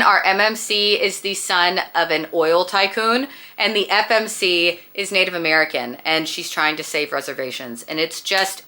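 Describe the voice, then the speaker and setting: A woman's voice: medium pitch, bright, forceful tone. A woman chatting casually as a book vlogger, gushing and emphatic as she recommends books.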